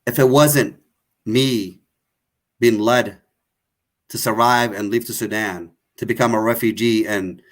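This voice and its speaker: A man from Tigray, hosting an online show and speaking in an emotional, accusatory way with much repetition. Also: on the low side. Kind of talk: impassioned political talk.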